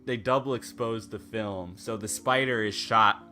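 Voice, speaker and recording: A man's voice: lowish voice, fairly even intonation, measured pace, bright, forceful tone, soft background music. A man co-hosting a podcast, chatting casually in a rambling way, with lots of fillers and frequent laughter. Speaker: podcast co-host. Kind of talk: casual chat.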